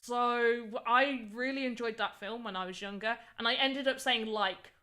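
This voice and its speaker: A woman's voice: fairly high pitch, fairly even intonation, moderate pace, bright, forceful tone. A young woman chatting casually and rambling on a livestream while she works on voxel art. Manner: chatty, rambling, frequent "like" fillers. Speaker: streamer.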